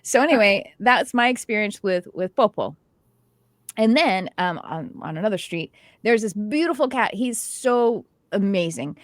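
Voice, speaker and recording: A middle-aged woman hosting a casual chat, telling animated stories full of quoted dialogue. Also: medium pitch, normal speed, dry recording. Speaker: host, intuitive development teacher.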